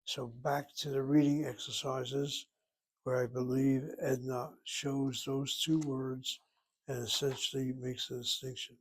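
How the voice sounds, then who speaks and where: A man's voice: mid-range voice, little pitch movement, unhurried, breathy edge. A man teaching a Hebrew lesson from a textbook, thinking aloud, asking himself questions and spelling words out. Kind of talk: self-study lesson, reading from a textbook.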